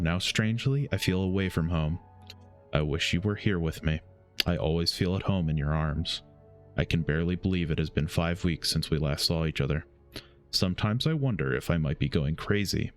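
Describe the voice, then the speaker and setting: A young man streaming a game, reading its letters aloud slowly and often stumbling and correcting himself. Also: low voice. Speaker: gaming streamer.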